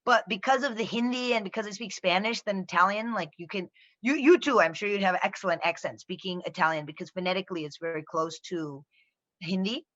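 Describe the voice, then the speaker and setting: Lively American woman telling stories. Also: medium pitch, a little fast, dull audio. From American Midwest. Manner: animated storyteller, acts out quoted voices. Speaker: podcast guest. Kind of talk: casual chat.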